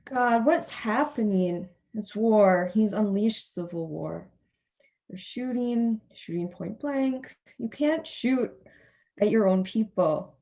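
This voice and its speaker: A woman playing a horrified opposition leader in a staged play reading, pleading slowly to the world. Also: medium pitch, expressive, warm tone.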